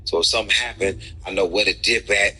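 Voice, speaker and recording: A man streaming gameplay, telling a personal story in an animated, profane way with bursts of laughter. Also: lowish voice, quick pace, breathy edge, low-quality recording. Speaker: gaming streamer. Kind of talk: casual storytelling over gameplay.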